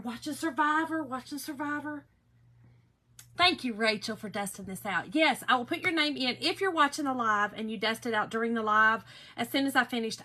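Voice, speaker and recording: A woman's voice: a little high, pushed and bright. A middle-aged woman with a Southern US accent hosting a casual craft livestream, chatty and bubbly, greeting viewers by name. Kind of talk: casual live chat while crafting.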